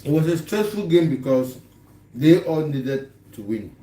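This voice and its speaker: A man's voice: on the high side, lively intonation, a little slow, mellow. Chatty man on an echoey live stream. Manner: chatty, laughs often, greets viewers. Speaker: livestream host. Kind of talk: casual live chat. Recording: echoey room, faint background noise.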